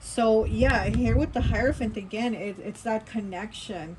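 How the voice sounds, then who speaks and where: A woman's voice: fairly high pitch, a little slow, noisy background. A woman giving a casual tarot reading in a rambling, chatty way, with lots of fillers and restarts. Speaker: tarot reader.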